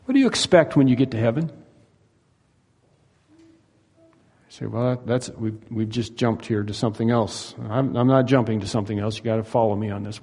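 A man's voice: medium pitch, moderate pace, pauses often, a little mellow, breathy edge, in a large hall. A male pastor preaching a sermon in an earnest, emphatic way, asking his listeners rhetorical questions.

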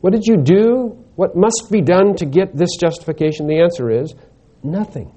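Male preacher, expository sermon, mellow tone, deliberate emphatic delivery with rhetorical questions. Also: sits high, animated.

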